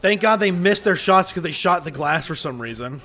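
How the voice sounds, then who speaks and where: A man's voice: on the high side, expressive, normal speed, pushed and bright, slight background noise. A man giving casual, profane, opinionated commentary while he plays a game. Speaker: gaming streamer.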